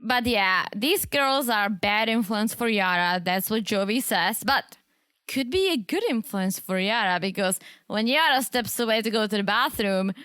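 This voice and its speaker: A woman co-hosting a casual podcast recap, opinionated and quick to laugh. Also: mid-range voice, lively intonation, a bit bright, smooth, no room sound. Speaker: podcast co-host.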